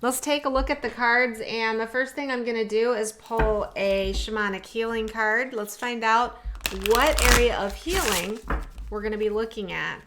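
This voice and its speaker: A middle-aged woman talks through an oracle card reading in a relaxed, chatty way. She reads passages aloud from a guidebook and breaks off into heartfelt personal asides. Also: a little high, moderate pace, very noisy. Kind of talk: casual tarot-style reading to camera.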